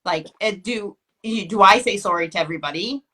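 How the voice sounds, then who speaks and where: A woman's voice: medium pitch, fairly quick, pushed and bright, husky. A woman from Canada with a Canadian accent, chatting casually and rambling, often breaking off mid-sentence. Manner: rambling, self-interrupting with many likes. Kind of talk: casual chat.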